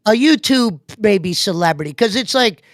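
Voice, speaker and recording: A man co-hosting a casual livestream chat, steady and explanatory. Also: sits high, normal speed, no room sound. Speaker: co-host.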